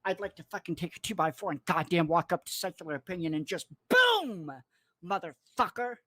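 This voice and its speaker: A man in a furious, profanity-laden livestream rant, cursing, threatening and mocking people in a squeaky put-on voice. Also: fast, fairly bright tone, no room sound. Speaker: online commentator.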